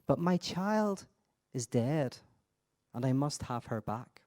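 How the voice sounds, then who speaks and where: A man's voice: medium pitch, animated, takes it slowly, darkish tone, dry recording, studio quality. A man voicing a grieving mother in a story he tells, pleading for her dead child. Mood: desperate.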